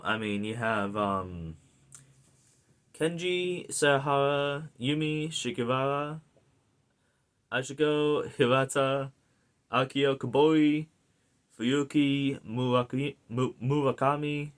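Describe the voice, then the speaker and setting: A man's voice: mid-range voice, slow, long pauses, smooth. An American man giving a casual film review, rambling and enthusiastic, with plenty of fillers and restarts. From United States. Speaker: movie reviewer.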